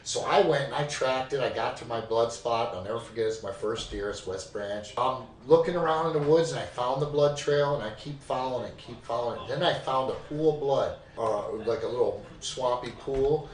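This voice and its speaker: A man's voice: medium pitch, fairly quick, few pauses. Guy telling a wild cussing story on a podcast, echoey room, mic kinda far. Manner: animated, profane yarn-spinning. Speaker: podcast guest. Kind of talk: casual storytelling.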